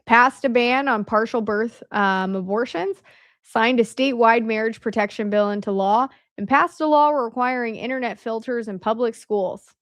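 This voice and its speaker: A political commentary podcaster reads aloud from old websites with casual, sarcastic asides, breaking into laughter as she goes. Her voice is a little high at a moderate pace, in a dry recording with clean studio sound.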